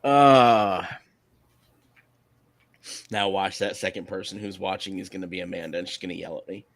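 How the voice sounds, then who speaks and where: Deep-voiced man chatting on a live stream. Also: steady tone, moderate pace, creaky, dry recording. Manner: chuckling often, hesitant with many ums. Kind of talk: casual chat.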